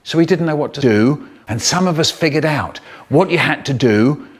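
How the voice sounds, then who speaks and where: A man telling comic stories, animated and playful, with exaggerated swoops in his voice. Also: on the high side, moderate pace. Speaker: children's storyteller. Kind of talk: comic storytelling, spliced edit.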